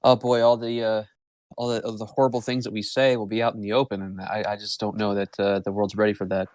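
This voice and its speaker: A man's voice: lowish voice, level tone, quick pace, darkish tone, dry recording, clean studio sound. A man as a podcast guest, joking dryly and laughing along in casual chat.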